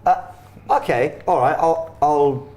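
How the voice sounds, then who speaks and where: A man's voice: slow pace, a little hiss or hum. A man hosting a live football watchalong, chatting and debating with fellow fans. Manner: animated, defends his opinion, shifts pitch a lot. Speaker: watchalong host.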